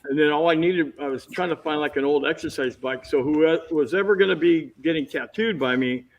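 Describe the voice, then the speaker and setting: A man telling lively stories as a guest on a casual video-call chat, jumping into quick impressions. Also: fairly high pitch, low-quality recording. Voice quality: bald. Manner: animated anecdotes with impressions.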